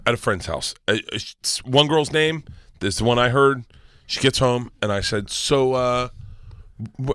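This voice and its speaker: A man telling a story as a guest on a talk show, excitable and swearing, acting out the dialogue. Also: medium pitch, normal speed, clean tone, no echo, studio quality. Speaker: guest comedian. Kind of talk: animated storytelling.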